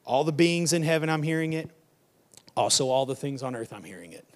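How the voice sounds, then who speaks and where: A man's voice: fairly high pitch, expressive, a little fast. A male pastor preaching in a conversational way and reading scripture aloud to his congregation. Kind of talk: sermon.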